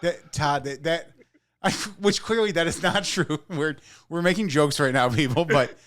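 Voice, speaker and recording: A man's voice: fairly high pitch, moderate pace, fairly bright tone. A man co-hosting a podcast, flustered and laughing at himself in casual comedic banter. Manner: laughing, flustered, self-deprecating. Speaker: podcast co-host.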